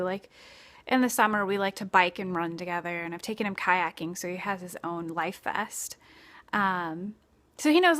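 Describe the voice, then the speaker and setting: A young woman vlogger with a mid-range, slightly bright voice talks casually in a home video shot on a phone camera. She's chatty and full of fillers, slipping into baby talk with her dog.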